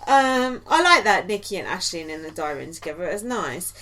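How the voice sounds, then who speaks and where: A woman's voice: fairly low pitch, sing-song, a little fast, sharp tone. A woman co-hosting a podcast, recapping in a casual, chatty way with lots of ums and likes and giggly asides. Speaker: podcast co-host.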